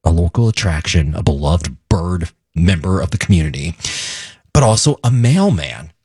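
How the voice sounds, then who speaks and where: Guy on morning radio, kinda husky, voice jumps around a lot, dry studio sound. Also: low voice, normal speed, no echo. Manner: lively, joking, reads news off the wires. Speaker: radio show co-host. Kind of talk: casual morning radio banter. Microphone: studio microphone.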